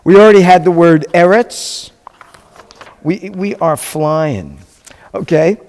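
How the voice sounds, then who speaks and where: A man's voice: on the high side, slow, a little mellow. A man teaching a beginners' class as a rabbi, talking casually and stopping often to ask his students questions. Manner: patient, chatty, asks the class questions. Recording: long hall reverb.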